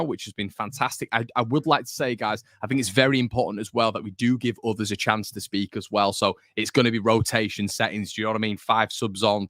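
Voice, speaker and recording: A man's voice: lowish voice, a bit bright, no echo, studio quality. A young man from the north of England, hosting a football fan channel in chatty, jokey, rambling talk to camera. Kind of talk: casual chat to camera.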